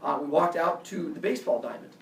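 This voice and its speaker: Man in his own voice, casual storyteller who acts out quotes; slightly high, recorded off-mic in a reverberant room. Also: animated, quick pace, recorded from a distance, a little hiss or hum. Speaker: coach.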